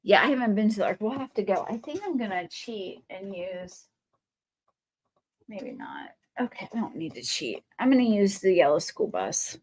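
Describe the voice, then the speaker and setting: A woman's voice: medium pitch, moderate pace. A woman, hosting a live craft stream. She rambles and tells stories, talking to viewers by name as she paints. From Ohio. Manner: rambling, animated storytelling, talks to viewers by name while painting. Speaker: craft livestream host.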